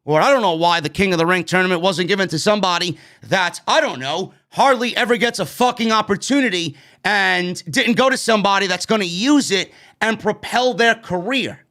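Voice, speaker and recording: A man's voice: high voice, fairly quick, few pauses, bright, forceful tone. Sweary, exasperated New York man ranting. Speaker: wrestling show reviewer. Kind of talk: profane ranting commentary.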